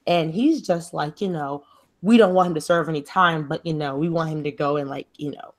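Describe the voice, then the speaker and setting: Her low voice moves briskly as this young podcast co-host retells a story in a chatty, filler-heavy way on a casual talk show.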